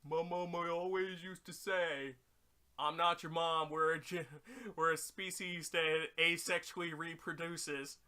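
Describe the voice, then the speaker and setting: A man putting on a slow, dim-witted alien guardian with a folksy drawl, on a game stream. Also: a little high, little pitch movement, sharp tone, clear, resonant tone. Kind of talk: comedic parody voice on a game stream.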